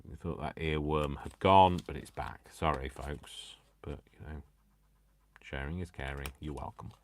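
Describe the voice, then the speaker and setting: Male craft host, very low register, casual live chat, jokes at his own expense. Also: unhurried, a little hiss or hum. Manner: chatty, self-mocking, jokes to himself and the viewers.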